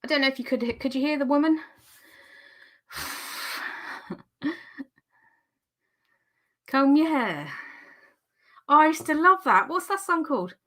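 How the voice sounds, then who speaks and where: A woman's voice: high voice, animated, a little slow, long pauses, sharp tone. A woman with a Geordie accent chatting casually on a live stream, slightly out of breath, laughing often and breaking off mid-sentence. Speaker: vlogger hosting a live stream.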